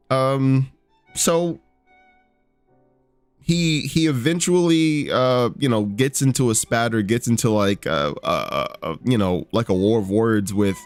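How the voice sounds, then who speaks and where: A man's voice: mid-range voice, slow, pauses often, no room sound, soft background music. A man giving rambling, profane casual commentary, full of fillers and restarts. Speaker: podcast host.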